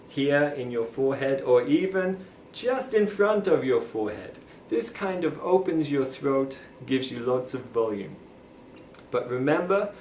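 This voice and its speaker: A man's voice: medium pitch, a little mellow. A man explaining things plainly and patiently in a video lesson, demonstrating as he talks. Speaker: teacher. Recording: echoey room with faint ambient noise.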